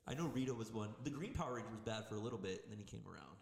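A man's voice: on the low side, rapid-fire, vocal fry. A man co-hosting a podcast, talking bluntly in casual chat and swearing a lot as he tells stories. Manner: blunt, swears constantly, animated storytelling. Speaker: podcast co-host. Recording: echoey room with long reverb.

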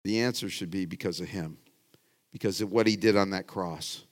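Middle-aged guy preaching, lowish voice, chatty and rambly, keeps restarting, goes loud then quiet. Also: normal speed. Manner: folksy, rambling, self-interrupting with restarts; swings between loud emphasis and quiet asides. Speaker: pastor. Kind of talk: conversational sermon.

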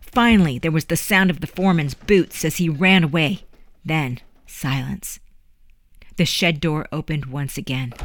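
An audiobook narrator reading a historical story in a measured, dramatic way. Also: mid-range voice. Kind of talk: scripted narration.

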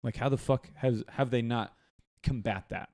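A man's voice: medium pitch, moderate pace, darkish tone. A young man in casual chat, blunt and jokey, swearing freely.

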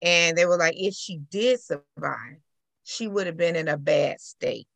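A middle-aged woman, telling her personal story as an interview guest in an animated way. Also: lowish voice, unhurried, vocal fry, dry recording. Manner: animated storyteller, acts out quoted voices. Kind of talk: personal account in conversation.

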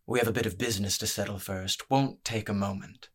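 A jittery fight promoter, as a male narrator puts him on, piping up in a lighter, brighter tone than the others. He talks quickly and eagerly. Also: on the low side, steady tone, husky.

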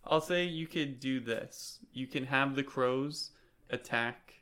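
A man's voice: mid-range voice, takes it slowly, sharp tone, clean tone. A man narrating a tabletop role-playing game as game master, in a casual storytelling manner.

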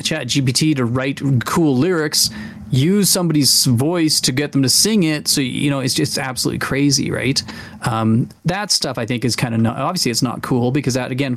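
A man's voice: mid-range voice, fairly bright tone, slight background noise. A man co-hosting a tabletop gaming podcast, chatting casually and enthusiastically, with many fillers and restarts. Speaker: podcast co-host. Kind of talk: casual chat.

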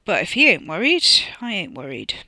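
A narrator voicing a gruff, laid-back young man in an audiobook, speaking low and quiet, often half-whispered. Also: huge pitch swings, a little fast, dry recording, exaggerated voice. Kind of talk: audiobook character voice.

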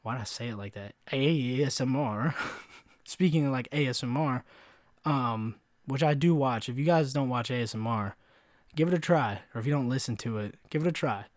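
A young man tells stories on his own podcast in a loose, rambling way, laughing as he goes and acting out the people he quotes. His voice sits at an ordinary middle pitch. The recording is dry and close, with no room sound. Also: a little fast, dry recording. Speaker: podcast host. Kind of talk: casual solo podcast storytelling.

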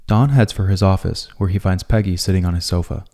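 A man narrating a scripted video essay in a calm, measured way. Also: deep voice.

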